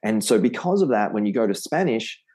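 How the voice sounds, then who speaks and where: A man's voice: lowish voice, big pitch swings, brisk, darkish tone. A man with an Australian accent, a podcast guest who teaches Spanish, explaining patiently and repeating words to show how they sound. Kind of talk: podcast interview.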